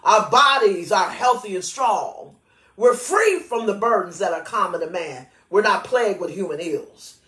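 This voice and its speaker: A woman pastor delivers a sermon and prayer with emphatic energy, often laughing between her words. Her middling-pitched voice is a little slow and rings through a roomy church.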